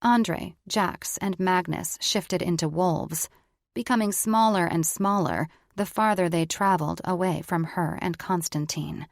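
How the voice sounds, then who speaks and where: Low-voiced woman narrating a fantasy audiobook. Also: a little slow, no room sound, clean studio sound. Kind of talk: scripted fiction narration.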